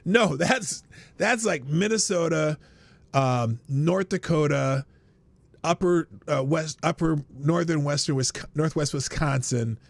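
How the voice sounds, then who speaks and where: A man's voice: a little high, takes it slowly, gravelly, no echo. A man from Nebraska who hosts a live stream, giving mocking commentary and laughing often. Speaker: host.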